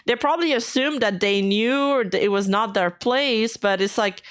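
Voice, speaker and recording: A woman's voice: fairly high pitch, normal speed. A woman streamer giving casual commentary while reading out posts, skeptical and frustrated, speaking bluntly and swearing now and then.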